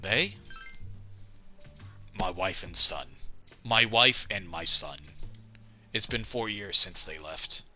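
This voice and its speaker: A bitter drunk nursing old grudges, his words gruff and slurred, as a man voices him while reading a game's lines. The voice sits a little higher and louder than his own, with a bright, forceful edge. Faint game music plays underneath. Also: slow pace, long pauses, exaggerated voice. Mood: mournful. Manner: slurred, gruff delivery with rising outbursts. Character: drunk, bitter, lonely middle-aged man. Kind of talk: reading game dialogue aloud in a put-on voice.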